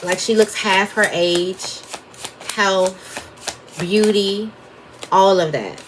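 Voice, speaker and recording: A woman's voice: mid-range voice, very slow, noisy background. A woman giving a casual tarot reading, chatty and wandering off topic as she talks to her viewers. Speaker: tarot reader.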